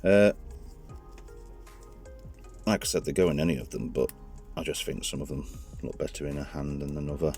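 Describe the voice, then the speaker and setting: A man's voice: a bass voice, moderate pace, pauses often, darkish tone, faint music behind. A man casually reviewing toys hands-on, chatty and rambling, often correcting himself mid-sentence. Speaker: toy reviewer.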